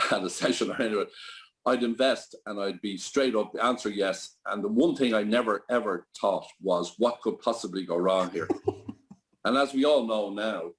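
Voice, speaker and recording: A man's voice: on the low side, moderate pace. An older Irish man, a guest on an interview show, telling rambling anecdotes full of restarts. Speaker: guest entrepreneur. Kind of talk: storytelling interview.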